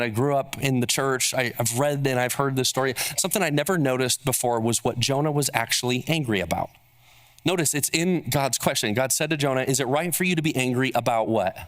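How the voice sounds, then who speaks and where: A man preaching a sermon in church as pastor, emphatic and often putting questions to his listeners. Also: medium pitch. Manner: emphatic, asks the audience questions.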